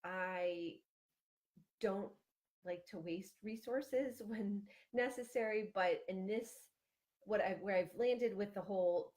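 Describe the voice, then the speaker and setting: A woman in her thirties from Ohio, USA, gives chatty advice to a parent group on a livestream, speaking slowly in a mid-range, darkish voice. Her casual talk is full of fillers and restarts.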